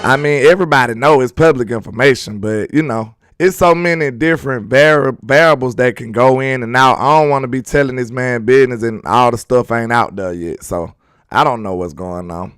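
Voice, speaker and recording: A man's voice: mid-range voice, a little fast, a bit bright, smooth, no room sound, clean studio sound, soft background music. A man hosting a sports live stream, chatting casually and reading viewer comments aloud in a laid-back, slangy, joking way.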